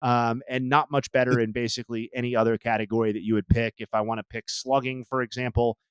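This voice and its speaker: Podcast guy rambling with lots of ums, dry sense of humor, smooth voice. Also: medium pitch, level tone, fast, dry recording. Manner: rambling with frequent fillers, dry jokes. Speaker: podcast co-host. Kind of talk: casual podcast chat.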